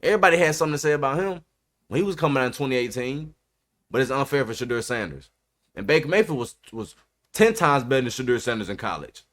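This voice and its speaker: Podcast host, man, mid-pitched, emphatic, repeats his points, slangy casual sports talk. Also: expressive, fast, fairly bright tone. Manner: emphatic, repeats himself, says bro a lot.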